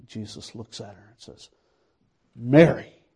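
A man's voice: on the high side, a little slow, dark tone, husky. A man preaching a sermon, retelling a scripture story dramatically and building to fervent emphasis.

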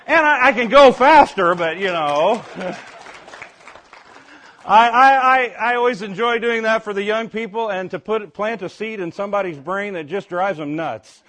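An older man with a fairly high voice delivers a playful, folksy sermon. He often restarts his words and slips into a spelled-out sing-along. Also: lively intonation, normal speed, fairly bright tone. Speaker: preacher.

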